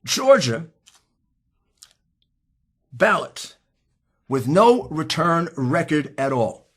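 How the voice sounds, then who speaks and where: A man with a husky voice giving an impassioned, combative political speech, pushing hard on key words. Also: a little high, very animated, drawn-out words. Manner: emphatic, combative, rising to shouts. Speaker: speaker at a political hearing.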